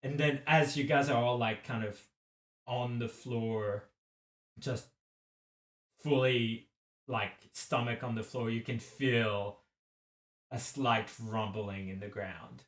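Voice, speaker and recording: Male game master, slow halting narration, echoey room, distant mic. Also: medium pitch, steady tone, fairly bright tone. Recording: roomy echo, a bit off-mic.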